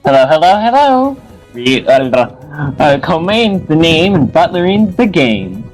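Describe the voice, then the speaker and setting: A man's voice: a little high, sing-song, unhurried, soft background music. A man doing a hyper, overfamiliar game butler. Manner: bouncy, playful, overly friendly.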